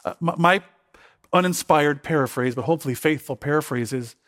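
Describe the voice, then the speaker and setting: The preacher here is a man with a fairly high pitch and fairly bright tone who talks fairly quickly. His expository sermon reads and comments on the Bible in a conversational style, full of repeated words and questions to the congregation.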